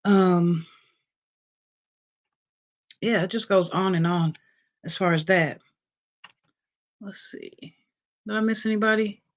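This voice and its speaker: A woman's voice: lowish voice, slow, pauses often, highs cut off. Drowsy woman chatting on a livestream. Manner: reads from a list with many ums, chatting with viewers. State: just woke up. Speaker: livestream host. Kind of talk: casual livestream chat.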